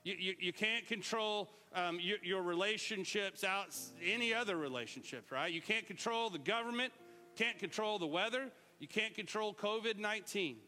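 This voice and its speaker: A middle-aged man preaching a lively sermon, sometimes shouting out words to show what they mean. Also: high-pitched, moderate pace, big-room sound, soft background music. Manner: animated, shouts out words to demonstrate. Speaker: pastor.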